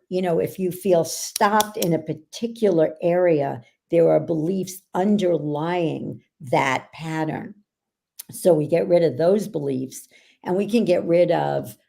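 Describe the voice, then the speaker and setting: A woman with a low, gravelly voice, talking as a guest in a casual podcast chat. She tells her stories animatedly, with a mellow, dark tone. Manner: animated, laughing storyteller.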